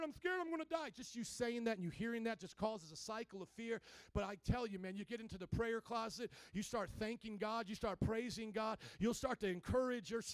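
A man with a strikingly high, smooth and resonant voice preaches a sermon, calling out questions to his congregation and climbing to near-shouts. The sound is dry and close, with no room around it. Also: dry recording. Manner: call-and-response preaching, rising to near-shouts. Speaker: pastor.

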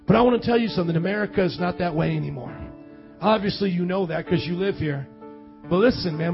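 A man's voice: sits high, lo-fi sound. A man preaching a sermon in a church hall, impassioned, calling out questions for the congregation to answer. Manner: impassioned preaching with call-and-response. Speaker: pastor.

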